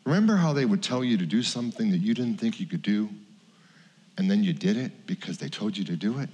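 A man's voice: lowish voice, expressive, fairly quick, a little mellow, slightly rough. A middle-aged male pastor telling a personal story in a sermon, candid and confessional, acting out what people said. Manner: candid, confessional, acts out quotes. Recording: long hall reverb.

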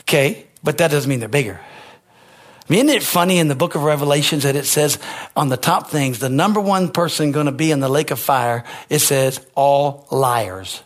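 A man preaching a sermon as pastor, animated and conversational, rising to shouts on his high points. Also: fairly quick.

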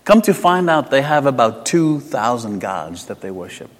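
Speaking at a moderate pace, a man with a South African accent and a mid-range voice preaches with big swings in pitch. He keeps it conversational with personal stories, mixing emphatic lines and hushed asides, recorded with long hall reverb.

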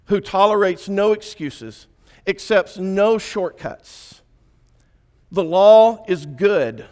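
A man preaching a sermon, swinging between hushed and emphatic delivery. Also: high voice. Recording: echoey church hall.

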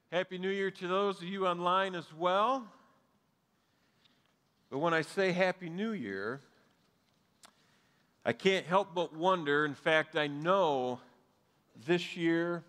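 Pastor preaching in a reverberant hall. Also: male voice, on the high side, a bit bright, clear, resonant tone. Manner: earnest, conversational preaching with light humor. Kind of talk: sermon. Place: church sanctuary, live and streamed.

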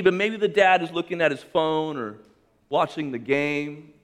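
A male pastor delivers a sermon in a fairly high voice. He reads scripture aloud and then comments on it with humor and emphasis. His delivery swings between raised, forceful lines and quiet, low drops. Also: a little slow.

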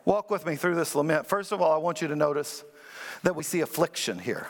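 A male pastor preaches to his congregation in a brisk, gravelly voice that sits a bit high for a man. He builds emphatic, rising lines and calls on the room to answer back. A long reverberant tail rings out, as in a large church sanctuary.

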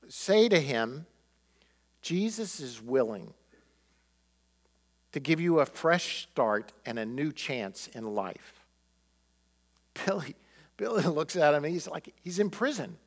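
A man preaching from the pulpit, his voice sitting a little higher than most. He tells the story in a sermon style and gives each quoted line its own feeling. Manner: animated storyteller acting out quotes. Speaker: pastor.

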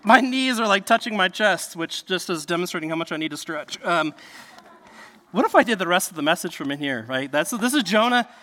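Man, pastor, sermon, lively swooping pitch, echoey sound, casual rhetorical questions. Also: brisk. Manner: conversational, rhetorical questions, frequent "like". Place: cramped enclosed space.

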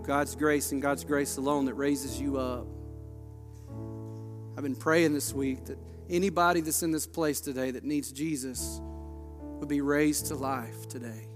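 Pastor preaching in reverberant church. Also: male voice, a little high. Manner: impassioned, swinging from hushed to loud. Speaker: Baptist pastor. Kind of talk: sermon. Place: large church sanctuary.

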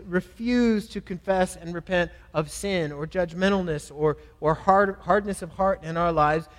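A male pastor preaching an earnest sermon, rising loud on pleas and dropping soft on scripture. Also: high voice, big-room sound.

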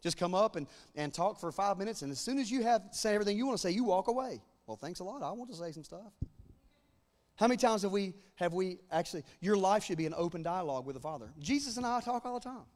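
A male preacher delivering a sermon with a strikingly high voice. He shifts between fervent, shouted proclamation and a calmer, conversational teaching tone. His voice carries a long reverb, as if filling a large hall.

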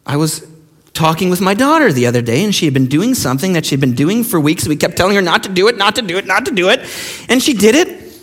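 A man's voice: high voice, sing-song, quick pace, a bit bright. A middle-aged man preaching a sermon as pastor, emphatic and mocking as he acts out quoted voices. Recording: long hall reverb.

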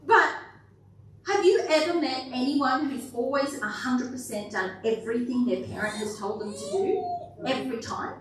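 A high-voiced woman pastor preaching to her church in an easy, chatty manner and quizzing the room as she goes. Her voice bounces around a large, very echoey hall and is picked up from a distance. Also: big pitch swings, normal speed, slight background noise. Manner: conversational and playful, asking the room questions. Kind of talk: sermon.

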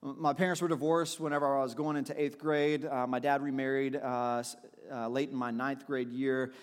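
A man's voice: mid-range voice, little pitch movement, moderate pace, clear, resonant tone, long reverb tail. A man preaching a sermon, telling personal stories in a reflective way with frequent restarts. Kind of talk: sermon with storytelling.

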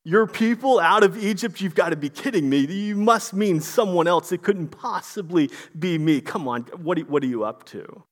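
A man's voice: sits high, expressive, moderate pace, few pauses, long reverb tail. A male preacher voicing a reluctant shepherd who doubts he is the one called. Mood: disbelieving. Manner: disbelieving, pleading.

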